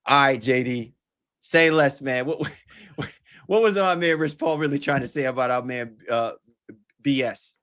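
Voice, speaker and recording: A man's voice: medium pitch, a little slow, a bit bright. A man hosting a podcast, making long, emphatic arguments in casual sports chat. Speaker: podcast host.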